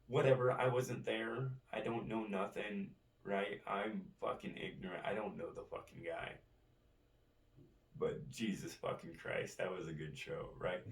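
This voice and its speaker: Slow-talking man ranting, echoey and distant. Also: lowish voice. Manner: keeps tagging lines with "right?". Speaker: vlogger. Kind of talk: profane rambling monologue. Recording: roomy, distant from the mic.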